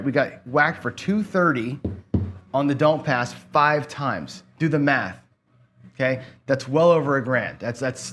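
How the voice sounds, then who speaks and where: A man's voice: medium pitch, fairly bright tone. Frustrated man griping through casino commentary. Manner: rambling, profane, talks to himself while playing. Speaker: gambling channel host. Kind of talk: casual play-by-play commentary.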